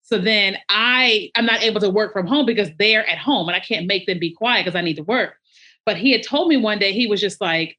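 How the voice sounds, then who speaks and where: A woman consultant telling stories as a podcast guest, animated and acting out what people said. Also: medium pitch, a little fast. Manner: animated, acts out quotes. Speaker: branding and marketing consultant, guest. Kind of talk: interview storytelling.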